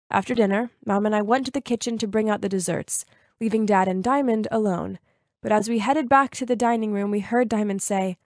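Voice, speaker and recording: A woman in her twenties narrating a first-person story in a lively, confiding way. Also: fairly high pitch, moderate pace, no echo, clean studio sound.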